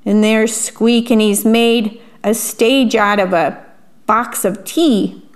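A woman reading a picture book aloud and pausing to describe the pictures in a chatty aside. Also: fairly high pitch, steady tone. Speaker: storyteller.

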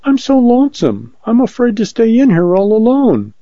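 Frightened young woman, high and pleading, read by a male narrator; muffled lo-fi sound. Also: very animated, a little slow, vocal fry, mellow, dry recording, heavily acted. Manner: pleading, fearful. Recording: dull lo-fi recording.

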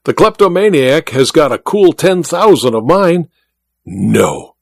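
A man voices a brash, moneyed mining magnate in a storybook reading, raising his voice into a jovial, boastful bark. The voice moves a lot between high and low as he jokes and blusters, and the sound is close and dry. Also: big pitch swings, measured pace, gravelly, a little mellow, no room sound, heavily acted. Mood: bluff. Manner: hearty, bluff, joking.

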